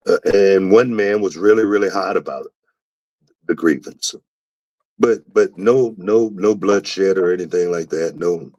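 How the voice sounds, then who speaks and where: Speaking with a Southern US accent, this podcast host and former wrestler spins casual stories at an unhurried pace, his deep voice jumping in pitch as he acts out quotes. There's no room sound, and the highs are cut off.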